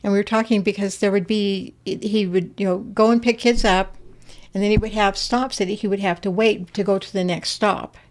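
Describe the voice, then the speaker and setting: Family anecdotes pour from an older woman guesting in an informal interview, and she animates them by voicing the people she quotes. Her pitch is medium and her pace normal.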